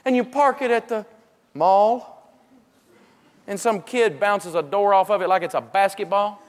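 High-voiced man telling a funny story in a big hall. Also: measured pace. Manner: storytelling, acts out everyday people, frequent stammered restarts. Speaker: seminar speaker. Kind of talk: humorous teaching talk to a live audience.

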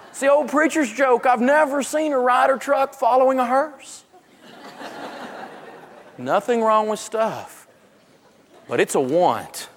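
A seminar speaker with a strikingly high male voice gives a humorous teaching talk to a live audience, telling stories and acting out everyday people. He speaks slowly with lively intonation and frequent pauses, often stammering and restarting mid-thought. The long reverb of a large hall surrounds him, over a noisy background.

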